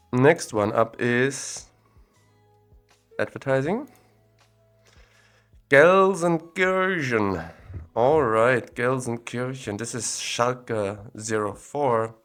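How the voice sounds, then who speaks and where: A man giving casual, think-aloud commentary while exploring places on a map, recorded on a separate audio recorder. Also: medium pitch. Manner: thinking aloud, relaxed and chatty.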